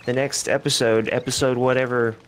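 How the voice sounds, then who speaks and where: A man's voice: mid-range voice, flat delivery, brisk, a little hiss or hum, rough recording. A man co-hosting a let's play, chatting casually and trailing off as he searches for words. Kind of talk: casual gaming chat.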